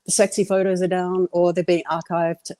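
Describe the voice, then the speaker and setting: A woman's voice: lowish voice, flat delivery, normal speed, warm tone, no echo. A middle-aged woman, sharing her personal faith testimony in an earnest, candid way.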